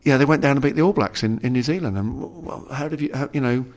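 A man's voice: mid-range voice, quick pace. A middle-aged man and former rugby player, talking as an interview guest in a rambling way, full of restarts and "you know". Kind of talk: casual conversational interview.

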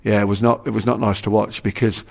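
A man's voice: fairly low pitch, little pitch movement, quick pace, gravelly, a little mellow. A middle-aged man and former rugby player, talking as an interview guest in a rambling way, full of restarts and "you know". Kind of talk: casual conversational interview.

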